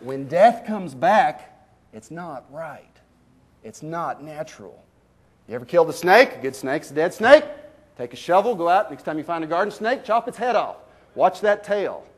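A man's voice: a little high, lively intonation, breathy edge. Emphatic preacher man. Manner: preaching with sudden loud bursts and slow emphatic drops; folksy storytelling, rhetorical questions to the congregation. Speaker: pastor. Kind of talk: sermon.

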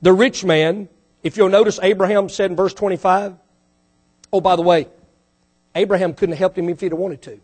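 A man with a very high voice preaches a sermon. He fires off rhetorical questions and climbs to fervent peaks, often repeating words and starting phrases over. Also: steady tone, fairly quick, long pauses, darkish tone, slightly rough. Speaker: pastor.

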